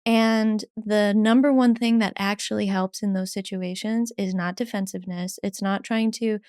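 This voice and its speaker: A woman therapist as a podcast guest, speaking candidly and with energy, quoting people in lively voices. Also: medium pitch, clear, resonant tone, dry recording, clean studio sound. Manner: candid and lively, quick bursts, laughs, acts out quotes. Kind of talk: casual conversation.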